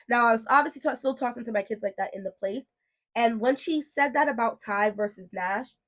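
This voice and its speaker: A woman telling a story in a casual vlog, firm, emphatic and outspoken, like a protective mom setting things straight. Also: on the high side. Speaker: mom and beauty vlogger.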